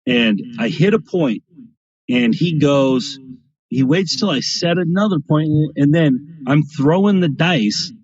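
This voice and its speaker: A man's voice: on the high side, slow, a little mellow. A man casually telling rambling anecdotes on a live stream, often checking in with "right?". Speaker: craps streamer guest. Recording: lo-fi stream audio.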